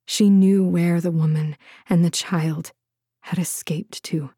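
A woman narrating a fantasy audiobook in a measured, dramatic reading. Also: lowish voice, steady tone, dark tone, husky, no echo, clean studio sound. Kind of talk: scripted narration.

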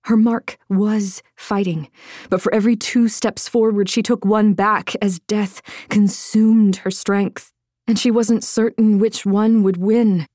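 A woman reading a fantasy novel aloud in a measured, dramatic narration style. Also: medium pitch, fairly even intonation, dark tone, no echo, clean studio sound. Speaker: audiobook narrator.

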